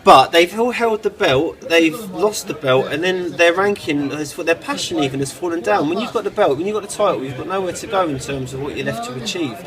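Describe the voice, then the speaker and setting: A fairly high-voiced man talks in loose banter, trading sharp put-downs and dry jabs. A crowd chatters clearly behind him. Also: lively intonation, brisk, hardly any pauses, low-quality recording. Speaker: correspondent. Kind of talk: casual banter.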